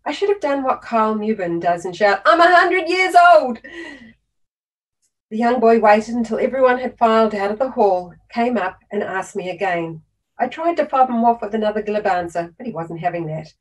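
A woman's voice: medium pitch, brisk, far from the mic, rough recording. New Zealand woman reading a prepared lecture. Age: 50s. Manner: storytelling, lively with anecdotes. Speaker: children's author giving a lecture. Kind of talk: prepared lecture read aloud.

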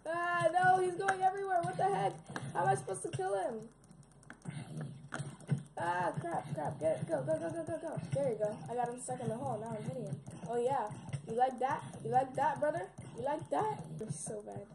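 High-voiced, excitable young woman gamer. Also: moderate pace, vocal fry, background noise. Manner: excitable, yelps and repeats words in panic. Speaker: gaming video creator. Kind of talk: casual game commentary.

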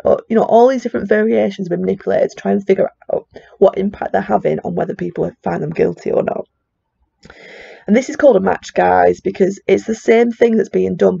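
Gravelly-voiced Lancashire woman lecturing. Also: medium pitch, dark tone, no room sound, dull audio. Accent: Chorley, Lancashire. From England. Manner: chatty, conversational explaining with many fillers. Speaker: teacher. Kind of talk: recorded lecture explaining a study.

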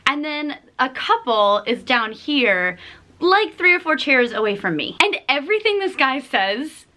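Young adult woman, high bright voice, sarcastic casual vlogger, swears freely. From from Texas. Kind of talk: casual storytelling vlog.

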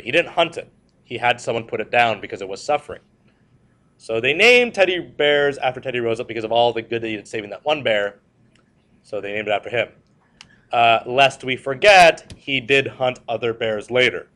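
A man's voice: mid-range voice, brisk, a bit bright. A male history teacher giving a classroom lecture. He tells stories with jokes and puts questions to the class. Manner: joking, storytelling, asks the class questions.

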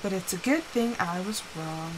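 A young woman chatting casually while playing a game on a live stream, telling animated stories and putting on quick quoted voices. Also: lowish voice, heavy background noise.

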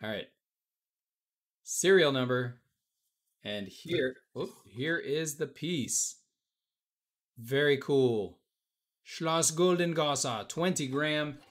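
A man's voice: a little high, lively intonation, very slow, pauses often. Upbeat man hosting a live auction. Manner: casual, upbeat, chatty, calling bids and reading comments. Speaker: auction host. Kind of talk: live-stream auction chat.

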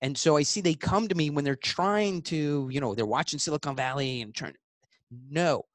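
A man being interviewed as a guest author, talking in a blunt, emphatic way and acting out both sides of sales pitches. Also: normal speed, dry recording, clean studio sound.

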